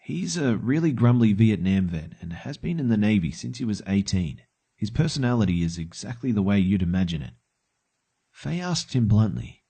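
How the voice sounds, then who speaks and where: A man narrates a first-person horror tale in a calm, measured, matter-of-fact way. His voice sits low with a dark, mellow tone, keeping the telling steady and plain. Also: creaky, breathy edge. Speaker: storyteller.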